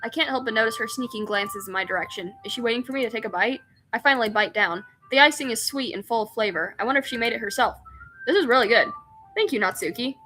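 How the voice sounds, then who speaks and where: Bright-voiced woman reading a game aloud. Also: on the high side, quick pace, faint music behind. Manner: giggly, self-mocking asides. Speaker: streamer. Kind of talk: reading a visual novel aloud.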